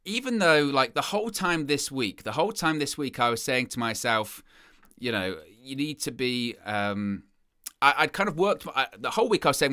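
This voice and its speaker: Young male host, bright tone, chatty and self-deprecating, dry close sound. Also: mid-range voice, expressive, fairly quick, no echo. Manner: chatty, rambling, self-deprecating, repeats phrases. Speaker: host of a football fan live stream. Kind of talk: casual live-stream chat.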